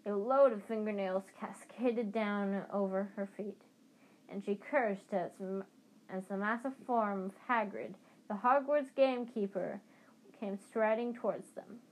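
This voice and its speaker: A woman's voice: mid-range voice, unhurried, rough recording. A woman narrating a children's fantasy novel aloud, reading steadily with small restarts. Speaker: audiobook reader. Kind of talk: storybook narration.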